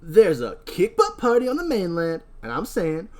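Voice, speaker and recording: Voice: medium pitch, wildly swooping pitch, moderate pace. A podcast host voicing a reckless young stoner man, laid-back, pushy and full of slang.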